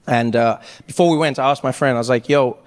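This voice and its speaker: A man with a South African accent, telling an animated stand-up story and acting out characters in an echoey hall. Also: medium pitch, quick pace. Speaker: stand-up comedian. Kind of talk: stand-up comedy. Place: large hall with audience. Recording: echoey hall, faint crowd ambience.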